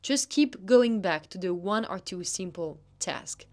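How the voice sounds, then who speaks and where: A woman's voice: fairly low pitch, lively intonation, measured pace, a little mellow. A young woman hosting a solo podcast, speaking in an earnest, encouraging coaching tone. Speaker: podcast host, athlete.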